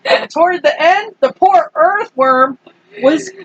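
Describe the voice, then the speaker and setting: A woman reading a children's storybook aloud, playful and animated, acting out the characters' shouts and breaking off to laugh. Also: extremely high pitch, slow pace, no room sound, highs cut off. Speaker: storybook reader.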